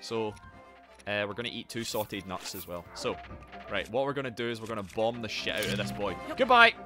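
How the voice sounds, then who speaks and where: A Scottish man commentating his gameplay live, greeting viewers and yelling in panic when things go wrong. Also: lowish voice, brisk, over music. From Scotland. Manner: excitable, yelps and shouts in panic, greets chat. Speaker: streamer.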